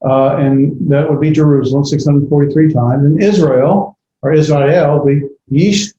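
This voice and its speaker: Halting man teaching a class. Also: a little high, steady tone, mellow, slight background noise. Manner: halting, many fillers and self-corrections. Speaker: Bible language teacher. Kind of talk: classroom lecture. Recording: echoey classroom, dull lo-fi audio.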